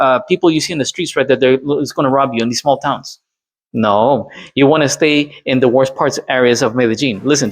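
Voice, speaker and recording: A man from Colombia doing reaction commentary, lecturing and repeating his points with tag questions. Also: mid-range voice. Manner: lecturing, repeats points with "all right?" and "okay?".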